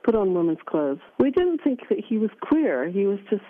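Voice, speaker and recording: A woman from Scotland, a performer speaking as a guest in a radio interview. She talks thoughtfully and pauses often. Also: medium pitch, sing-song. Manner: thoughtful, with frequent pauses and fillers. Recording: narrow phone-like radio audio.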